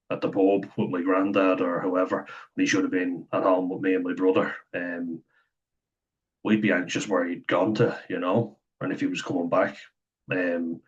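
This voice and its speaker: Young man for a personal vlog: deep, flat delivery, frequent swearing and laughter, dull lo-fi recording. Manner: swears freely, laughs often, acts out quotes. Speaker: vlogger. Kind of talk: candid personal talk to camera.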